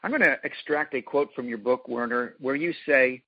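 A man's voice: mid-range voice, moderate pace, hardly any pauses, slightly rough. A man hosting a radio interview, affirming his guest and reading a quote from the guest's book aloud. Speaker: radio host. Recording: dull dry radio audio.

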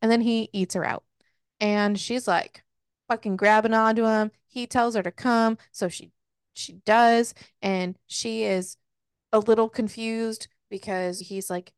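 A woman co-hosting a casual podcast, recapping a book in an exasperated, swearing, animated way and voicing the characters' lines. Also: on the high side, slow pace, clean tone, dry recording, studio quality. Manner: swearing, exasperated, animated retelling with voiced quotes. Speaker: podcast co-host.

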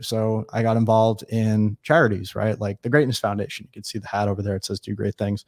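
A man from New York State, a guest in a casual interview, telling stories quickly and acting out what people said. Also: fairly low pitch, no room sound, clean studio sound. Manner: fast, animated storyteller acting out dialogue.

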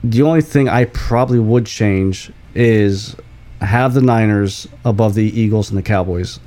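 A man's voice: on the low side, unhurried, dark tone. A man co-hosting a casual sports podcast who is getting over a cold. He jokes and teases his partner. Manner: laughing, teasing banter. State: recovering from a cold. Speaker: podcast co-host.

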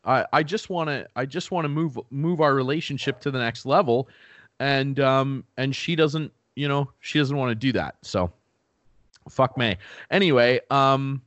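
A man's voice: mid-range voice, normal speed, a bit bright, no room sound. A young man from Canada co-hosting a podcast, ranting in casual chat and swearing freely. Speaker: podcast co-host.

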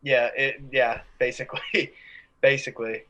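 A man's voice: medium pitch, flat delivery, a little slow, pushed and bright, lo-fi sound. A young man telling stories in a casual chat, rambling and laughing as he goes. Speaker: podcast co-host.

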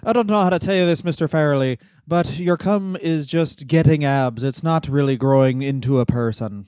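A man's voice: fairly high pitch, moderate pace, a little mellow, clean tone, no echo. Laughing joking man, dry sound. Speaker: podcast co-host. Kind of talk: comedic podcast banter.

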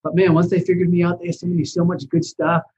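Man, husky, casual animated interview talk, slightly high voice. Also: a little fast, highs cut off. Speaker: real estate investor guest.

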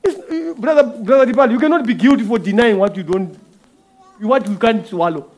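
A man with a high voice preaches a sermon as a guest speaker. He keeps it conversational and acts out little exchanges. He often repeats a word or restarts a phrase before he goes on. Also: a little fast, darkish tone. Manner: conversational preaching with acted-out quotes and rhetorical questions.

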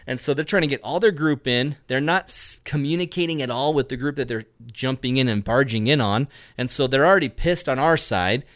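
A man's voice: mid-range voice, a little fast, few pauses. A man telling a story in a casual chat, acting out what other people said. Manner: animated, acts out other people's lines in the story. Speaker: photography group leader telling a story.

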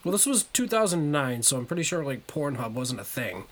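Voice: mid-range voice, sing-song, fairly quick, slight background noise. A podcast co-host recapping a movie plot in a rambling way, full of fillers. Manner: rambling, heavy use of "like" fillers. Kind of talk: casual chat recapping a movie.

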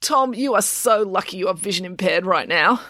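A woman's voice: medium pitch, animated, moderate pace, bright, forceful tone, no echo, voice pushed up. A woman voicing a squeamish, dramatic young girl with theatrical outbursts in a storybook reading. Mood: dramatic disgust.

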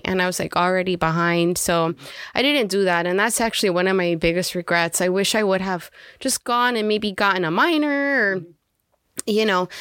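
A woman's voice: medium pitch, fairly bright tone, clear, resonant tone, dry recording, studio quality. A woman telling her story as a podcast guest in a chatty, casual way, with many "like"s and "um"s. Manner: chatty, frequent "like" and "um", laughs often. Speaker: podcast guest, filmmaker, singer and actor. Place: lives in South Florida.

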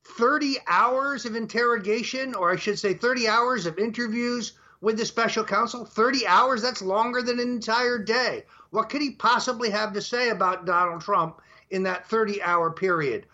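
Speaking at normal speed with few pauses, an older man as a talk show guest has a voice that sits high and a sharp tone. He is emphatic, listing his points one at a time, and the recording is dull lo-fi.

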